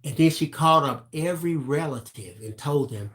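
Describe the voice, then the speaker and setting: Animated middle-aged man telling stories. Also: on the high side, moderate pace. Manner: animated storyteller, acts out voices, laughs through lines. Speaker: co-host of a live crafting stream. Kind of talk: casual storytelling chat.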